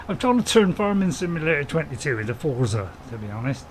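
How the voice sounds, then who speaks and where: A man's voice: fairly high pitch, very animated, moderate pace, slight background noise, poor audio. A middle-aged man, chatting casually and joking while streaming a farming game and answering his viewers' chat. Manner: chatty, jokey, chuckling, reading chat aloud. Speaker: gameplay streamer. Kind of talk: casual live-stream commentary.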